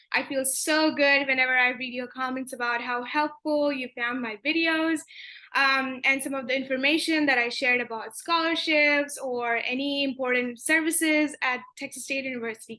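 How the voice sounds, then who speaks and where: A woman's voice: high-pitched, pushed and bright. A young woman vlogging as a student, chatty and upbeat, talking straight to her viewers. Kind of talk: casual vlog talking to viewers.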